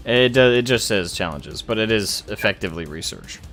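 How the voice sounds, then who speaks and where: A man hosting a gaming stream, chatting in a relaxed way with dry humor. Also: on the low side, brisk, faint music behind. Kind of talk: casual gaming chat.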